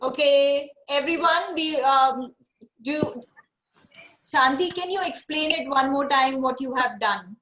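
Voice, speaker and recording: A woman hosting an online class, giving brisk organizing prompts over a video call. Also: high-pitched, bright, forceful tone. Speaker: event host. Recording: echoey distant video call audio.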